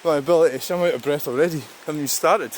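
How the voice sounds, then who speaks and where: Scottish man, casual rambling walk-and-talk, slightly high voice, loud rushing stream behind him. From Scotland. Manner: chatty, rambling, swears casually, talks to the camera and to birds. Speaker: vlogger. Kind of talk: casual walking vlog talk. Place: outdoors by a river and waterfall. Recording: rushing stream noise outdoors.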